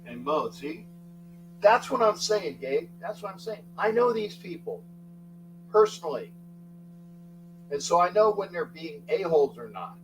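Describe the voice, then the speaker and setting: High-voiced and very animated, an older man hosts a live sports talk stream at an unhurried pace, pausing often. He chats in a rambling way, greets viewers by name, and restarts frequently, recorded on a far-away mic with a faint mains hum.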